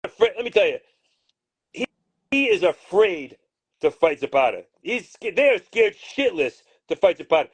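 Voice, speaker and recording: A man talking in a heated interview, his voice pitched on the high side and his speech blunt and full of profanity. The sound is dry and close, with no room echo. He comes across as combative and fired up. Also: very animated, normal speed, husky. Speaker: boxing manager.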